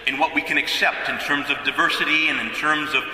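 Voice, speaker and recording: A priest preaching a sermon in a bright, ringing voice pitched a little high, speaking casually and often restarting his sentences. He sounds distant from the microphone, with the long echo of a church hall around him. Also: fairly even intonation, fairly quick. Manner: conversational preaching with repeated restarts.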